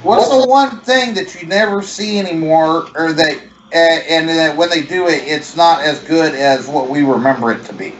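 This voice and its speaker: Eager co-host in a roomy space. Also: male voice, fairly high pitch, normal speed, a bit bright. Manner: eager, stumbles to get his point out. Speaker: podcast co-host. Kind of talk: casual chat.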